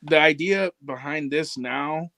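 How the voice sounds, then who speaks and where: A man with a slightly higher voice, chatting casually over a video call. His laid-back way of talking is full of quoted asides. The sound is dry and close. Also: measured pace, no room sound. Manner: relaxed, storytelling, quoting friends in bursts. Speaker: toy collector guest. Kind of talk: casual chat on a live stream.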